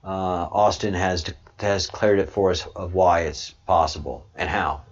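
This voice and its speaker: A man hosting a livestream and answering chat, halting with many restarts, then repeating points slowly and with emphasis. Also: sits low, dull audio. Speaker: channel host.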